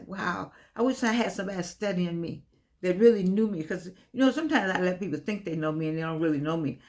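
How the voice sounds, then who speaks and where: An older woman talking casually to camera from her home, chatty and repetitive, calling her listeners "baby". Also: on the low side. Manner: chatty, repeats phrases, calls listeners "baby". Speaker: vlogger.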